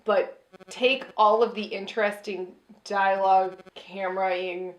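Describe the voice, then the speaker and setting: A woman's voice: medium pitch, fairly even intonation, unhurried. A woman co-hosting a casual movie review show, dry and sarcastic. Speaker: podcast co-host. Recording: echoey room.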